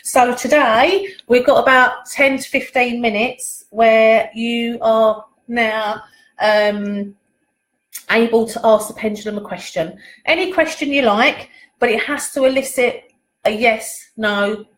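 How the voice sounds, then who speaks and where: A woman's voice: a little high, fairly even intonation, slow, roomy sound, slight background noise, low-quality recording. A woman hosting a live pendulum reading at home, chatting casually and rambling, reading out viewer comments and laughing often. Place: at home, in a living room.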